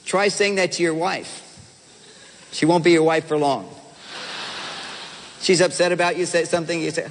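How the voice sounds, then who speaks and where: A man giving a seminar talk to a live audience, animated and playful, acting out the voices of husbands and wives. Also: a little high, normal speed, long pauses, slight background noise. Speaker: relationship speaker. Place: large hall with audience. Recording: reverberant hall sound.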